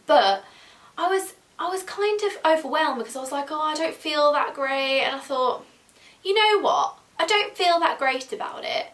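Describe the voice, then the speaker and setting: A young woman in her twenties, chatting casually to camera in a bubbly, animated way, acting out her own past thoughts. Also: sits high, moderate pace. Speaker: vlogger. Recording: roomy echo, a bit distant from mic.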